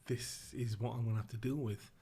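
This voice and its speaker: A middle-aged man, a podcast guest telling a personal story in a subdued, halting, emotional way with restarts. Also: mid-range voice, steady tone, creaky, warm tone, breathy edge.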